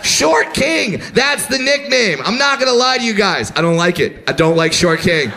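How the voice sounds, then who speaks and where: A man doing stand-up, telling a story loudly and excitably and shouting his punchlines. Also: high voice, moderate pace, vocal fry, hardly any pauses, slight background noise. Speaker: stand-up comedian. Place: comedy stage before a live audience.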